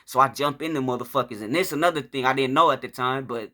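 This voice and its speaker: Male storyteller, casual profane monologue, bright and sharp voice, mid pitch. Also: quick pace. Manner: profane, rambling, acts out shouts and quotes. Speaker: vlogger telling his life story.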